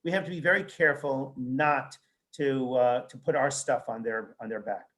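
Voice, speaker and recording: A man's voice: mid-range voice, moderate pace, a bit bright. A male child psychiatrist and author in a conversational interview, telling stories animatedly, acting out quoted dialogue and often restarting his sentences. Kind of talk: conversational interview, anecdotal storytelling.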